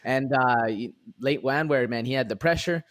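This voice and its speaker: A man's voice: medium pitch, moderate pace. Easygoing young man breaking down fights. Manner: relaxed, rambling, fillers and "man". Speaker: podcast co-host. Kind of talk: casual fight recap chat.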